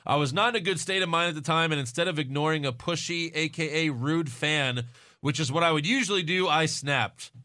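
A man's voice: on the high side, a little fast, sharp tone. A man co-hosting a casual podcast chat, sarcastic and swearing freely. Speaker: podcast co-host.

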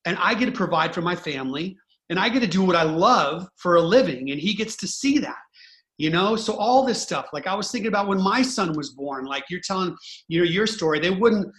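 A man's voice: high-pitched, animated, a little fast, fairly bright tone. A man hosting a casual podcast conversation, speaking in an earnest, heartfelt way with run-on thoughts. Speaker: host, musician.

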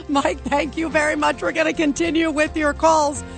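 A woman's voice: high-pitched, flat delivery, normal speed, gravelly, soft background music. A woman hosting a talk radio show, taking calls and speaking emphatically and indignantly.

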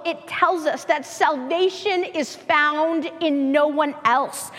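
Female preacher, high voice, slow and emphatic sermon delivery, big reverberant hall.

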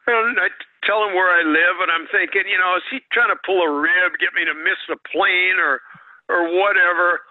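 Older guy rambling through an old story, clears his throat a lot, kinda high voice, thin phone-line sound. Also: no room sound. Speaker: podcast guest, former wrestling announcer. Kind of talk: anecdotal storytelling. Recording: tinny phone-like line, dry.

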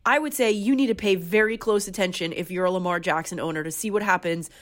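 A young woman co-hosting a fantasy football podcast, giving emphatic opinions in casual chat. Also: on the low side. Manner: emphatic, animated, quick opinions.

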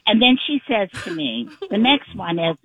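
A middle-aged woman calling in to a talk show, telling a story in a lively, laughing way with lots of "right?" and "you know" asides. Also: medium pitch, moderate pace, muffled recording, a little hiss or hum. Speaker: caller. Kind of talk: casual call-in storytelling.

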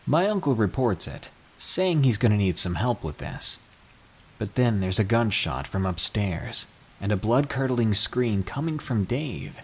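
A man reading true scary stories aloud, with an expressive storytelling delivery. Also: on the low side, breathy edge. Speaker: narrator.

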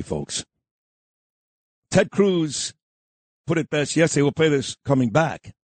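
Talk radio host, male, husky, animated delivery, combative and insulting. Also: a little high, no room sound. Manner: combative, insulting, repeats himself, shouts down opponents. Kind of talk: opinionated talk radio monologue.

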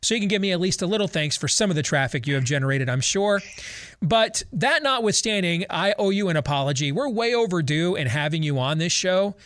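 Sardonic male talk host, higher register, dry close mic. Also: expressive, fairly bright tone, no echo. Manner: quick, sardonic, joking delivery. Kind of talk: political talk radio hosting.

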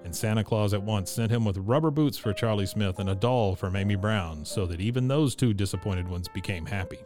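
A man narrating a classic storybook in a steady, measured reading. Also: on the low side, soft background music. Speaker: audiobook narrator.

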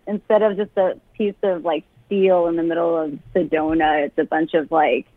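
A woman's voice: low voice, fairly even intonation, moderate pace, dry recording, phone-quality sound. A young woman calling into a comedy show, brash and profane, laughing often. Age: young adult. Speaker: caller. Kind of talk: crude comedic call-in banter.

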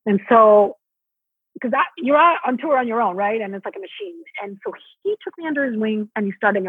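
A woman with a slightly rough voice speaks briskly in an interview over a tinny, phone-like line with no echo. Originally from Mexico and a Broadway actress, she's animated and acts out quotes, her pitch jumping.

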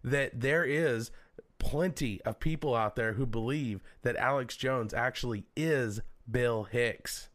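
A man's voice: mid-range voice, takes it slowly, fairly bright tone. A male podcast host talking casually with his co-host, leaning into stories and light jokes. His voice sits in a plain middle register. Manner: chatty and storytelling, with a few fillers. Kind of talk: casual chat.

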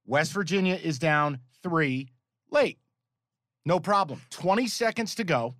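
A man's voice: fairly high pitch, lively intonation, unhurried, a bit bright, no echo, studio quality. Profane exasperated man ranting about bets. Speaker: podcast co-host. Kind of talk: casual sports betting chat.

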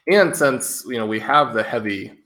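A man co-hosting a podcast in casual chat, relaxed, with fillers and repeated words. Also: medium pitch, moderate pace. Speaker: podcast co-host.

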